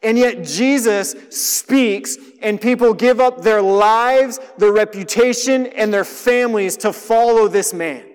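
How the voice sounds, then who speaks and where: A man with a fairly high voice preaches a sermon, chatting with his listeners and moving between hushed stretches and emphatic, louder ones. His voice rings with the long reverb of a large hall. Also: slow pace, few pauses, clear, resonant tone.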